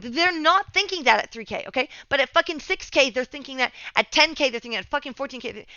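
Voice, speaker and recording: A woman's voice: high-pitched, pushed and bright, no room sound, muffled recording. A young woman giving casual game coaching over a replay, swearing often and getting heated as she rants.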